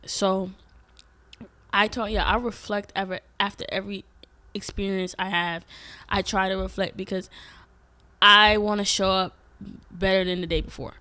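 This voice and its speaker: A young woman vlogging, talking candidly and emphatically in a casual reflective monologue, swearing freely and breaking into sudden loud outbursts. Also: medium pitch, fairly even intonation, moderate pace, long pauses. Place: Atlanta.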